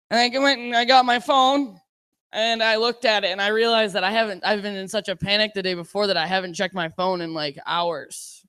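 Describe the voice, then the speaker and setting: A woman doing stand-up comedy on a bar stage, telling a story and acting out each quote with big shouted voices. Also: medium pitch, steady tone, brisk, clear, resonant tone.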